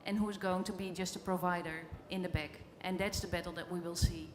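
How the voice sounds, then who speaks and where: A woman panelist with a fairly low voice, speaking on a conference stage. She argues her point in a measured, plain way. A long reverb from the big hall trails behind her words. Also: steady tone, noisy background.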